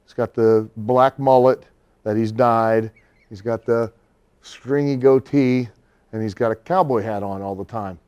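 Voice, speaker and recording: A man in a studio interview, telling an anecdote in an animated way, laughing and acting out the people he quotes. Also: mid-range voice, measured pace, smooth. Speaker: guest storyteller.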